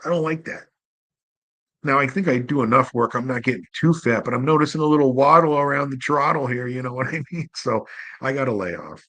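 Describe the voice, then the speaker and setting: A man's voice: medium pitch, brisk, bright, forceful tone, dry recording, low-quality recording. A man hosting his own show in a casual solo monologue, rambling and candid, poking fun at himself and swearing casually. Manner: rambling, candid and self-deprecating, full of "you know". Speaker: host.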